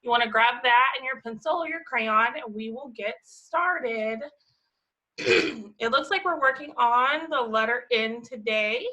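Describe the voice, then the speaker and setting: Woman, preschool teacher, fairly high voice, patient and encouraging. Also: sharp tone, poor audio. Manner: slow, patient, sing-song and encouraging. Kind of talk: teaching a worksheet to young children.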